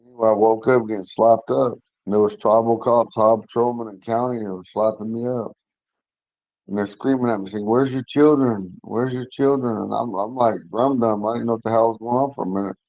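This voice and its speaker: A man in his forties, slightly hoarse, telling a long personal story in a casual, rambling way, often restarting and clearing his throat. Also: on the low side, steady tone, fairly quick, no echo, highs cut off. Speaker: language class member telling a story.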